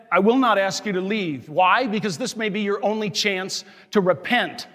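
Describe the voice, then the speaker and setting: A man's voice: sits high, a bit bright. A man, a parish priest, preaching an impassioned sermon full of rhetorical questions and declared righteous anger. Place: large church. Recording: long church reverb.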